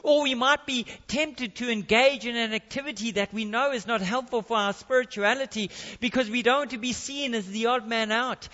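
A man's voice: very high voice, bright, forceful tone, long reverb tail, dull audio. A man preaching a sermon in a conversational way, with jokey asides.

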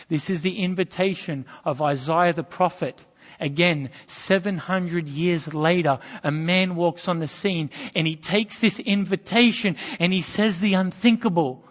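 A man preaching a sermon emphatically, swinging between loud, rising declarations and quiet, low lines. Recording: dull sound with a long reverb, as in a church hall.

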